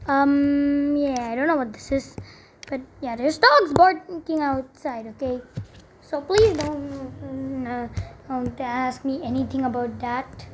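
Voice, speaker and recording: A woman's voice: high-pitched, steady tone, slow, background noise. A young woman tutoring math in a casual, chatty way, full of fillers and self-corrections. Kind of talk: casual explaining while writing.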